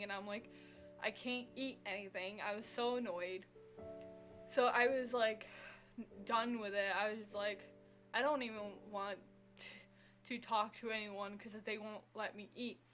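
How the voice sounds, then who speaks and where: A woman's voice: fairly high pitch, a bit bright. A woman vlogger recounting a personal story in a casual, rambling way, full of "like" fillers and sighs.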